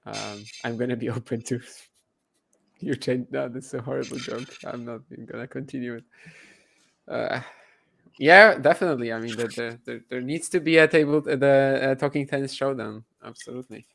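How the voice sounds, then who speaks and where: Man, gravelly voice, casual jokey watchalong chat. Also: mid-range voice, normal speed, fairly bright tone. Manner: jokey, laughs at own jokes. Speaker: podcast co-host.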